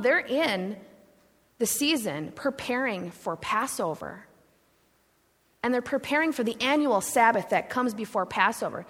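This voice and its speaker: A woman's voice: fairly high pitch, a bit bright. A woman pastor giving a candid, conversational sermon, with frequent fillers like "like" and "uh". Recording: long hall reverb.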